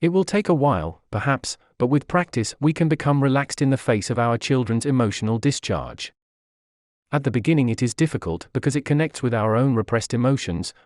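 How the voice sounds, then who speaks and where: Calm man reading a dry audiobook. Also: mid-range voice, no room sound. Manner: slow, measured reading of long word lists. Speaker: audiobook narrator. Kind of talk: scripted narration.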